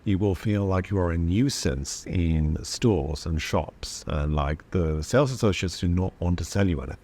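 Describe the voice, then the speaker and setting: Deep-voiced British man with German twang. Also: normal speed, darkish tone. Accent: British with a slight German twang. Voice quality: deep, radio-like voice. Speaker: video narrator. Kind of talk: scripted narration.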